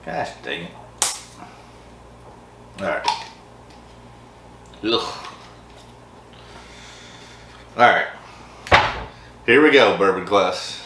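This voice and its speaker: A man's voice: deep voice, lively intonation, very slow, pauses often, far from the mic. A man hosting a casual whiskey tasting vlog, chatty and upbeat with frequent laughs. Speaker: host of a whiskey review channel. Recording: echoey room with faint background hum.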